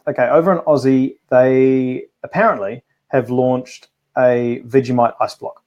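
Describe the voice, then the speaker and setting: A man chats on a live cooking stream, his voice sitting at an everyday middle pitch. He rambles through his points, restarting sentences and filling gaps with ums. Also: fairly even intonation, unhurried, a little mellow, dull audio. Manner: chatty, rambling with many restarts and fillers. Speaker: co-host of a live food show. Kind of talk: casual live-stream chat.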